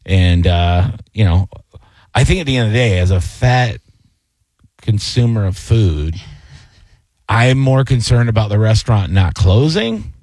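A man co-hosting a casual chat, telling stories in a rambling, animated way with many fillers. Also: on the low side, unhurried, pauses often, dry recording, studio quality. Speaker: co-host, comedian.

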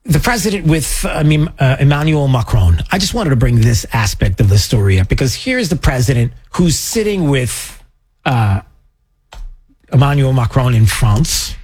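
A man hosting a radio talk show, chatting casually and sarcastically, sometimes jumping into mocking high voices. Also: sing-song, moderate pace, a little mellow, slightly rough.

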